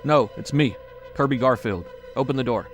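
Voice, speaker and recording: A man's voice: fairly low pitch, brisk, faint music behind, close to an everyday voice. A man voicing a tough, resentful backwoodsman who answers curtly and angrily. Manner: curt, angry.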